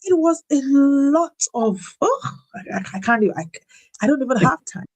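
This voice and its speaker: Animated woman giving a faith testimony. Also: moderate pace. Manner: animated, preacherly, swings in pitch when retelling; laughs and repeats words when emphatic. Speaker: guest speaker. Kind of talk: faith-based personal testimony.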